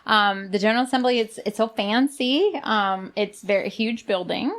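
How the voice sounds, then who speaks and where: A woman's voice: medium pitch, normal speed. A woman hosting a podcast in casual chat, blunt and chatty, full of fillers and restarts, sarcastic about politicians. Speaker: podcast host.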